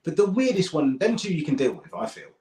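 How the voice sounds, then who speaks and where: Relaxed British man in an echoey room. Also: a little high, brisk. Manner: rambling, relaxed, tags with "right?". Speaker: guest comedian. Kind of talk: casual chat.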